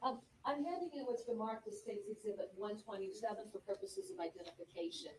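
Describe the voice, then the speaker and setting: A woman's voice: mid-range voice, expressive, a little fast, noisy background. A woman prosecutor formally questioning a witness and introducing evidence in a courtroom. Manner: formal, procedural. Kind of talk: courtroom examination.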